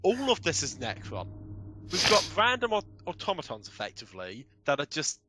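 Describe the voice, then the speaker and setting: A man's voice: on the high side, huge pitch swings. Chatty male player, noisy mic. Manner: chatty, quick jokes and plans. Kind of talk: casual tabletop game chat. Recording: clear background noise with clicks.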